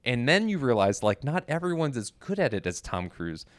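A man's voice: medium pitch, sing-song, fairly quick, dry recording. A man, a podcast guest, chatting casually and rambling with lots of fillers, often quoting movie lines in mock voices. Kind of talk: casual chat.

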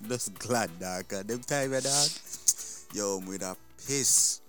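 A man's voice: lowish voice, measured pace. Man, podcast host, casual patois chat, faint background music. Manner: laid-back patois slang, says "dog" often.

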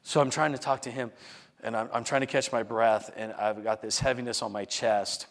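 A man's voice: mid-range voice, steady tone, moderate pace, fairly bright tone. A man, likely a pastor, earnestly retelling a personal testimony, often repeating words and restarting sentences. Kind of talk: personal testimony told to a congregation.

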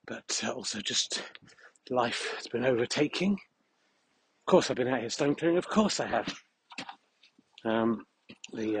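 A man hosting a podcast while walking outdoors in a field, rambling in a mock-serious, deadpan way. He is a little out of breath and slightly unwell. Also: mid-range voice, slight background noise. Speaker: podcast host. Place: outdoors in a field on a cold windy day.

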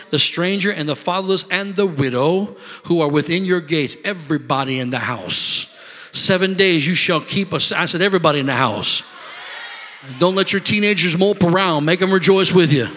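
A male pastor preaches to his congregation, reading scripture at an even pace and then rising into loud, fervent exhortation. His voice sits high and ringing, with a bright edge. The sound carries a long reverb from a big sanctuary. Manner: builds from measured teaching to shouted exhortation. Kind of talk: sermon.

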